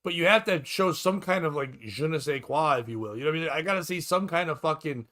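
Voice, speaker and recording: Man, comedian podcast host, high voice, bright tone, sarcastic, profane, casual chat. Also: expressive, quick pace. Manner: riffing, sarcastic, profane, acts out quotes.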